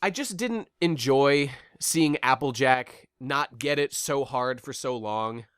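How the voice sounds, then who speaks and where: A man's voice: mid-range voice, slow pace, a bit bright, clear, resonant tone, dry recording, studio quality. A man co-hosting a podcast in casual chat about a cartoon episode, wry and hesitant with many restarts. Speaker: podcast co-host.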